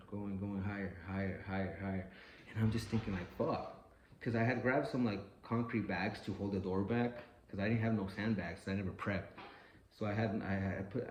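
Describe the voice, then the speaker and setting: Man, low voice, casual storytelling, profane, animated, echoey room, faint background hiss.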